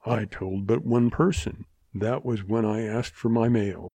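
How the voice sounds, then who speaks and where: A man's voice: fairly low pitch, fairly even intonation, measured pace, dark tone, breathy edge, no echo. A man voicing a tough young cowboy who speaks tersely with dry western slang. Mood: tart. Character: tough young male cowboy, tart and steely.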